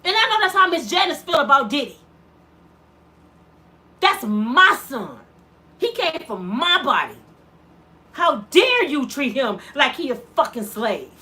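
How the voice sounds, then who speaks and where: A woman's voice: high-pitched, very animated, a little slow, pauses often, sharp tone. A middle-aged woman giving an impassioned vlog monologue as a mother, preaching with rhetorical questions in casual dialect. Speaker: mother of an inmate, vlogger.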